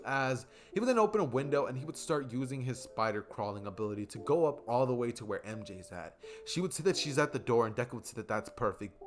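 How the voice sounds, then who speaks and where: A man's voice: mid-range voice, animated, fast, few pauses. A young man casually narrating a fan story he makes up as he goes, rambling, with fillers.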